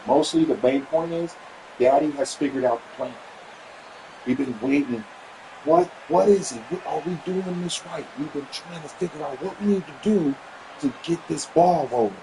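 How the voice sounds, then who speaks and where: Animated man telling a family story. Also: normal speed, noisy background. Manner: animated, acts out quoted dialogue with pitch jumps; repetitive, stumbling restarts. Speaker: vlogger sharing a family update. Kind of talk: casual personal storytelling.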